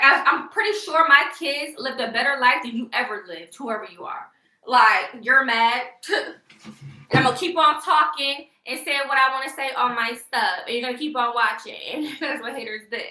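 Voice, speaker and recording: Young woman, sassy, mocking, laughing, high bright voice, echoey room. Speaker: vlogger. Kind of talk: casual livestream rant.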